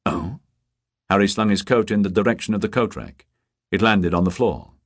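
A man narrating a novel as an audiobook, measured and expressive. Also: on the low side, dry recording, studio quality. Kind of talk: scripted narration.

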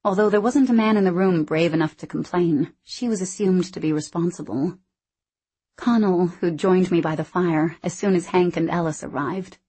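A woman narrating an audiobook in a measured, wry way. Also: on the low side, a little mellow, husky.

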